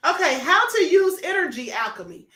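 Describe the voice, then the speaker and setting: A woman's voice: extremely high pitch, very animated, normal speed, pushed and bright, roomy sound. A woman hosting a live stream for members, chatting casually, greeting viewers by name and calling them honey and beloved. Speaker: host. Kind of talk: livestream talk to members.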